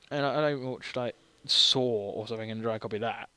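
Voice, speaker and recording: A man's voice: medium pitch, moderate pace, pushed and bright, clean tone, dry recording. Brief: man, slightly drunk, self-mocking game streamer, dry close sound. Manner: rambling, self-deprecating, laughs often. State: tipsy. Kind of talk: casual let's-play commentary.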